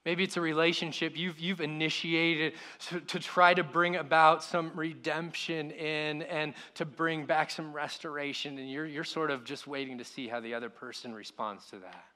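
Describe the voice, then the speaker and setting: A man, a pastor, preaching a sermon in an earnest way, repeating his words and dropping to a hushed voice on key lines. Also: fairly high pitch, steady tone, normal speed, few pauses.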